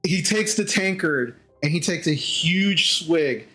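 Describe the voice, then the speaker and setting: A man narrating as game master in a tabletop game, halting and repeating words as he goes. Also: fairly high pitch, expressive, pushed and bright, faint music behind.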